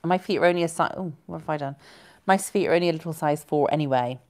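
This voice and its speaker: Casting note: woman, low voice, giggly rambling live-stream host reading comments. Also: fast talker, a little mellow. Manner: chatty and giggly, rambling with self-corrections.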